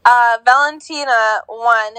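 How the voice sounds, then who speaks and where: High, unhurried young woman podcaster. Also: bright, forceful tone, clean tone, no echo, low-quality recording. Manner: giggly, stumbling over names. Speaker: co-host giving sports news. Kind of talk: casual podcast chat.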